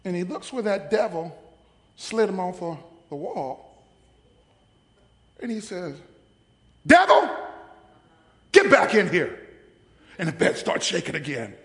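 A man preaching a sermon as pastor, dramatic, swinging from hushed asides to shouts. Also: high-pitched, lively intonation, measured pace, pauses often, in a large hall.

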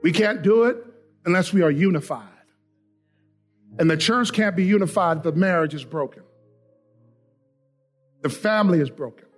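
Male pastor, high voice, fiery call-and-response sermon, church setting. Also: normal speed, pauses often, faint music behind. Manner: fiery, call-and-response preaching that swings from loud shouts to quiet prayer. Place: church sanctuary with a congregation.

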